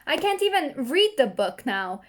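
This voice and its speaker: A woman's voice: high-pitched, big pitch swings, moderate pace. A young woman vlogging casually as a book vlogger, ranting animatedly and laughing and smiling while she complains. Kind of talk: casual vlog rant.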